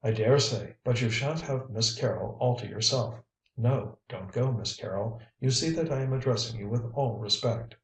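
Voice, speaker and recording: A man's voice: mid-range voice, normal speed, lightly acted. A man reading the part of a jealous, flabby young schemer who sneers and whines, recorded from a distance in a roomy space. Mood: sneering. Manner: sneering, whining.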